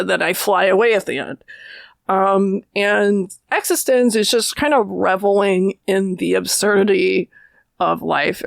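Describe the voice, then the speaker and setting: A woman's voice: medium pitch, a little slow, gravelly, no room sound. A woman film critic talking casually as a podcast guest, thinking aloud and circling back with restarts.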